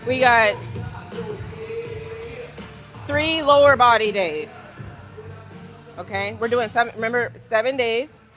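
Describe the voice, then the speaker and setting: A woman's voice: a little high, takes it slowly, pauses often, fairly bright tone, faint music behind. A young woman from Virginia chatting casually with her livestream viewers from a gym, talking them through her workout. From Virginia, United States. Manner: chatty, addresses viewers as y'all. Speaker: livestreaming fitness creator. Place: gym, indoors.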